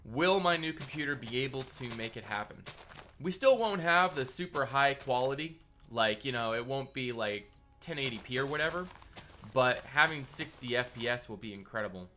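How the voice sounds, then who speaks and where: A man's voice: mid-range voice, expressive, moderate pace, pushed and bright, a little hiss or hum. A man live-streaming a building session, chatting casually with viewers and greeting them by name, his voice nasal and congested from a cold.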